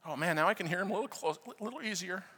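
An American man preaches with a high, bright, sharp voice that carries through a big hall with a long echo. He swings from loud, fervent prayer to quiet, hushed storytelling. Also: racing, slightly rough. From United States. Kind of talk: sermon storytelling. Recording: reverberant hall.

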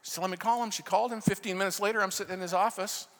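An American man preaches with a high, bright, sharp voice that carries through a big hall with a long echo. He swings from loud, fervent prayer to quiet, hushed storytelling. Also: steady tone, rapid-fire. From United States. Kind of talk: sermon storytelling. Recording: reverberant hall.

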